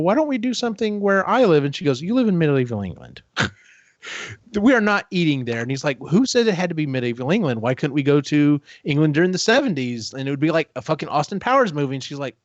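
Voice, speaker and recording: A man's voice: fairly high pitch, sing-song, no echo. Man rambling through a dull lo-fi recap. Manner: rambling retelling, quick acted-out quotes. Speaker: podcast host. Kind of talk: casual book-club recap. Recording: dull, dry lo-fi podcast audio.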